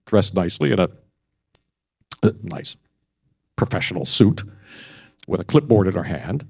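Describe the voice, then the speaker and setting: An older man giving an award acceptance speech, telling stories in a measured, anecdotal way. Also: deep voice, big pitch swings, vocal fry, a little mellow, slightly rough. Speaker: award honoree. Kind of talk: after-dinner speech.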